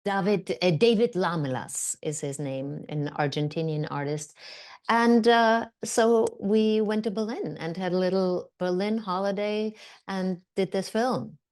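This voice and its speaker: A woman actor telling stories as a podcast guest, animated and full of fillers. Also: mid-range voice, unhurried. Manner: animated, acts out quotes, many fillers. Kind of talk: conversational storytelling.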